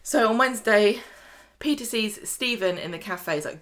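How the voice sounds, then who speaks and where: A woman's voice: medium pitch, lively intonation, normal speed, fairly bright tone. A woman co-hosting a podcast, chattily recapping soap scenes in a casual chat. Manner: chatty, recounts scenes with quoted voices. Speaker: podcast co-host.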